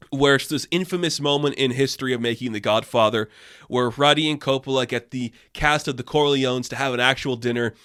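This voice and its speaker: A man's voice: fairly high pitch, bright, forceful tone. A man giving a casual review, exasperated, sarcastic and swearing often. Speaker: video reviewer.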